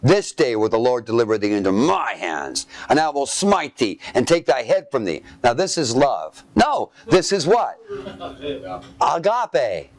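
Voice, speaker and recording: Very animated yet unhurried, a man of medium pitch preaches a sermon. He reads passages of scripture aloud and then comments on them, pausing to have his listeners supply the missing words.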